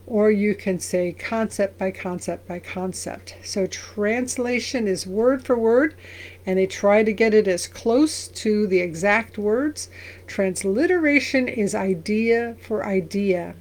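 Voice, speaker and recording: A woman pastor who reads verses aloud slowly and then explains them in a conversational way. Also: mid-range voice. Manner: briefly sings lines of an old song. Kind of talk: Bible reading and commentary.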